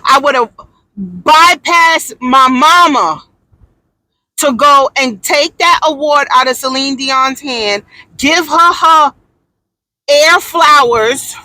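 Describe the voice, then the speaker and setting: A woman giving a loud, theatrical, profane comedic rant, indignant and often yelling. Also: sits high, takes it slowly, pauses often, dry recording. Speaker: vlogger.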